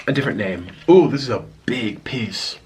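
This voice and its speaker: A man vlogging to camera, talking in a reflective, apologetic way with many restarts, pausing to eat. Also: mid-range voice, lively intonation, darkish tone, husky. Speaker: mukbang vlogger. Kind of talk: casual confessional talk to camera.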